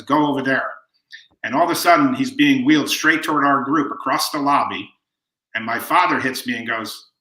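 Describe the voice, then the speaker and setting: A man in his fifties tells stories in a relaxed, conversational way and slips into the voices of the people he quotes. His tone is very bright and forceful. The recording carries a noticeable roomy echo. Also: mid-range voice. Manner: relaxed anecdotal storyteller who acts out quoted lines. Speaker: guest author. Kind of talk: storytelling in conversation.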